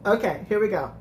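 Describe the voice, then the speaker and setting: A woman's voice: mid-range voice, vocal fry, a little hiss or hum. A woman hosting a casual live-stream recap, chatting with viewers, laughing often and restarting her sentences. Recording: echoey room.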